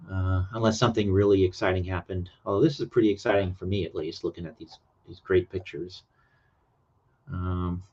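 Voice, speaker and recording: A man's voice: on the low side, highs cut off. Rambling man hosting a late-night stream. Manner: rambling, hesitant, many fillers. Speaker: livestream host. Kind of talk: casual livestream chat.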